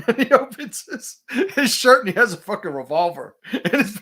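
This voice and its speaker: New guy on a livestream, kinda high voice, swears a lot, rambles thru stories. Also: animated, fairly quick, pushed and bright. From New York City. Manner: profane, storytelling, many fillers and restarts. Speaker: livestream host. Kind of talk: casual livestream talk, reading chat comments.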